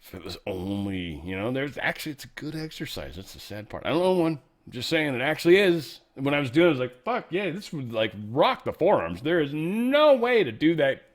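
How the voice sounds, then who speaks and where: A man's voice: a little high, very animated, fairly quick, few pauses. A man hosting a show, giving casual news commentary in a sarcastic, profane, ranting way. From California. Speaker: show host.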